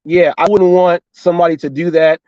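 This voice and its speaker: High-voiced man telling a story animatedly. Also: normal speed, no echo, lo-fi sound. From Los Angeles and Orange County, California. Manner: animated, repetitive retelling with quoted dialogue. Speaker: gig delivery driver and show host. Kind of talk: casual storytelling monologue.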